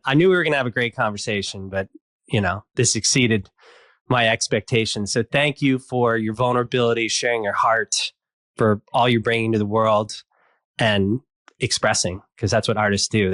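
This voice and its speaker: A man's voice: lowish voice, no echo. A man hosting a podcast, casual and affirming toward his guest, in a dry close sound. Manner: warm, affirming, casual, occasional swearing. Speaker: podcast host. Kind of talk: conversational interview.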